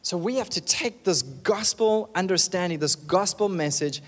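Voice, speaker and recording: A man, preaching an animated, emphatic sermon and calling out for amens. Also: sits high, moderate pace, long reverb tail.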